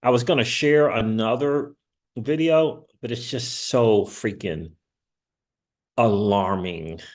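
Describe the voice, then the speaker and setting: A man hosting his own online channel, talking in a loose, rambling way, laughing often and rising in pitch when he gets excited. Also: slow pace. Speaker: crypto channel host. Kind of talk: casual livestream commentary.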